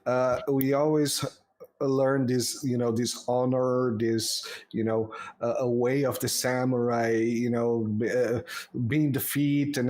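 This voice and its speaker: A man hosting a podcast who speaks English as a second language, halting with many restarts. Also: medium pitch, darkish tone. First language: not English. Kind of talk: casual conversation.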